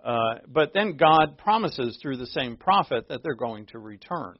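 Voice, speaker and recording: A man's voice: mid-range voice, animated, a little slow, dry recording, highs cut off. A man preaching a verse-by-verse sermon as pastor, in a conversational, self-deprecating way with frequent fillers. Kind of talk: expository sermon.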